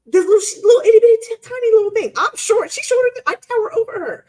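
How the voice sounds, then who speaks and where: A middle-aged woman co-hosting a casual live-stream chat, telling an animated story and acting out quotes in squeaky voices. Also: very fast, hardly any pauses. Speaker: co-host.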